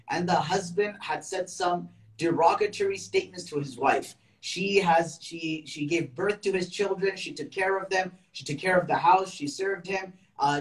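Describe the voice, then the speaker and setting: A man giving a sermon in casual, conversational storytelling, with quick Quran recitation in between. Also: fairly high pitch. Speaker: preacher. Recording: echoey room, mic at a distance.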